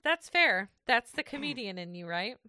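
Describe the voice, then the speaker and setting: Chatty woman cohost, bright crisp voice, dry close mic, laughs a lot. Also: on the high side, expressive, normal speed, no room sound. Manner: chatty, laughs easily, reads from notes. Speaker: podcast co-host. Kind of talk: casual recap chat.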